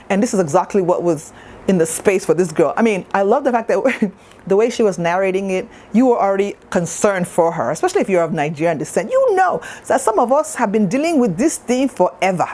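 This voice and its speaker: A woman's voice: medium pitch, animated, a little fast, darkish tone. A woman talking to camera in a casual review vlog, chatty and playful, with asides to the viewer. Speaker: TV show reviewer.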